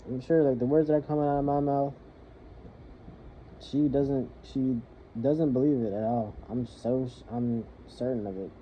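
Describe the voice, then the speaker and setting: A young man in the military venting about his partner and family in a rambling, halting monologue, swearing freely. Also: mid-range voice, steady tone. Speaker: soldier venting. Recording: muffled lo-fi with faint hiss.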